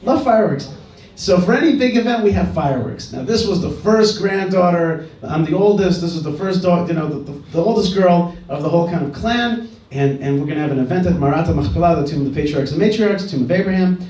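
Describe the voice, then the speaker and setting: A man's voice: sits high, a little fast, few pauses, a little mellow, recorded from a distance. Middle-aged man speaking in an echoey hall. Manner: earnest, repeats key phrases, frequent restarts. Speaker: speaker at a dialogue gathering. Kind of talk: public talk with storytelling. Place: indoor event hall. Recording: roomy hall, speaker away from mic.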